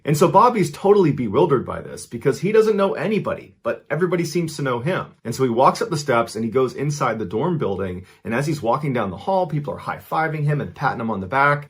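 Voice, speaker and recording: A male storyteller narrates true stories in a scripted, dramatic way, building suspense. His voice sits at a middle pitch with a husky edge.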